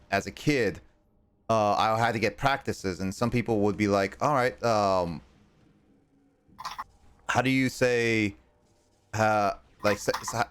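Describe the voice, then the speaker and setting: A man's voice: lowish voice, smooth. A man streaming a game and chatting casually, rambling with many fillers and restarts, his R sounds bending slightly toward L. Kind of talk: casual chat while gaming.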